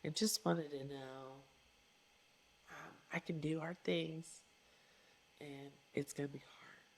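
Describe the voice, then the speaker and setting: A woman's voice: low-pitched, steady tone, takes it slowly, vocal fry, a little hiss or hum. A middle-aged woman, a coach, speaking as a guest in an interview with an earnest, emphatic manner and repeated phrases for stress. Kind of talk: reflective interview conversation.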